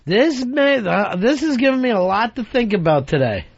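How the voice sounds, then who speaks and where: A high-voiced man hosting a radio talk show, brash and profane as he takes callers and scolds the staff in mock seriousness. The sound is dry and a little dull, like an old satellite radio broadcast. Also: big pitch swings, moderate pace, husky, dry recording. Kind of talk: casual radio banter taking calls.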